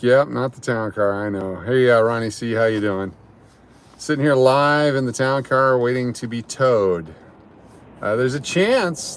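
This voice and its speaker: A man's voice: mid-range voice, a little hiss or hum. A man livestreaming from his parked car in a parking garage, chatting casually and greeting viewers by name between rambling remarks. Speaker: livestream host. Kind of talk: casual live chat with viewers.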